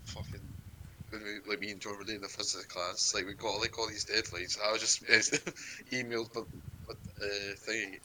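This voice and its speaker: A young Scottish man rambles through casual stories with friends in a fairly low voice. His mic carries clear background noise and clicks. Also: flat delivery, moderate pace, bright, forceful tone, rough recording. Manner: rambling, laughing storyteller. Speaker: tabletop game player. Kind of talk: casual chat.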